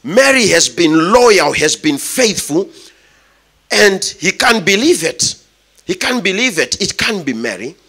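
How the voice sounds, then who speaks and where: A male preacher delivers a sermon as dramatic storytelling. His voice is high and bright, sweeping through an animated range. He speaks slowly and breaks into shouts. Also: slightly rough.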